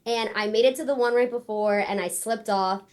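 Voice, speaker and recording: A woman in her thirties, a guest on a podcast, telling her story in casual, animated talk and acting out what people said. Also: on the high side, brisk. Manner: animated storyteller, acts out quotes. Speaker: podcast guest, former ninja competitor and wrestler.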